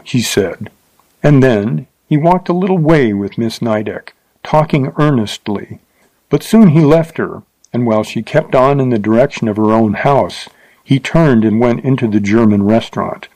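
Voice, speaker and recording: A man narrating a story in a steady, measured way, at a middle pitch. The sound is close and dry, with no room around it. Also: dry recording, low-quality recording. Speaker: audiobook narrator.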